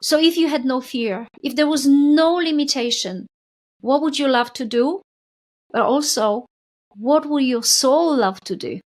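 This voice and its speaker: This guest on a podcast conversation is a middle-aged spiritual coach whose high-pitched voice moves a little slowly. She recounts stories animatedly and keeps adding a questioning "right?".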